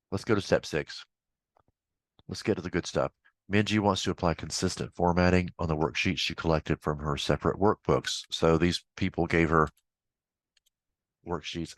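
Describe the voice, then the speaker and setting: Very deep-voiced man teaching casually. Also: no echo. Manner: casual, chatty, with offhand asides. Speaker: accounting instructor. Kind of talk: screen-recorded software tutorial.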